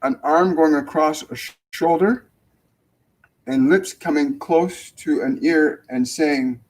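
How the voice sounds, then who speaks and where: A man hosting a live mediumship show, relaying messages gently and hesitantly, with many fillers and restarts. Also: on the high side, slow, rough recording. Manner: soft, dropping almost to a whisper when relaying tender messages. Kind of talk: casual live mediumship reading.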